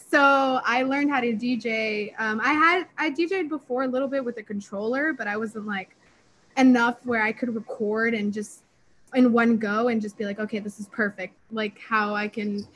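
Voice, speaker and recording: A young woman, a DJ and producer, answering interview questions in an excitable, chatty way full of fillers. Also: on the high side, normal speed, slight background noise, rough recording. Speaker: DJ and music producer.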